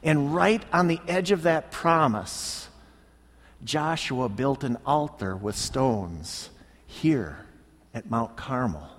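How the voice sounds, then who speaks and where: Slow, lively preacher in a reverberant hall. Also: male voice, medium pitch. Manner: storytelling, acts out characters' lines. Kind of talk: sermon retelling a Bible story.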